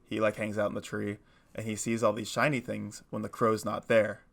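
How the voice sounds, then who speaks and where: A man with a low, gravelly voice co-hosts a casual podcast chat. He rambles loosely through his ideas, laughs easily and drops into quick character voices as he tells a story. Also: completely flat delivery. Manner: rambling, laughs often, acts out animal voices. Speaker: podcast co-host.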